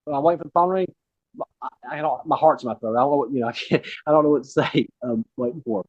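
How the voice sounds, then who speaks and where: A man's voice: medium pitch, fast, a little mellow, slightly rough, no echo, lo-fi sound. A man in his forties hosting a casual interview, telling a rambling personal story. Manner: rambling, many fillers and restarts. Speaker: host.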